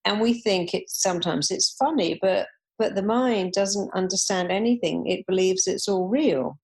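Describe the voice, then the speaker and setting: A woman's voice: mid-range voice, normal speed, vocal fry, husky. A woman, a therapist guest in an interview, telling stories and acting out the voices of people she quotes. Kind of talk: conversational interview.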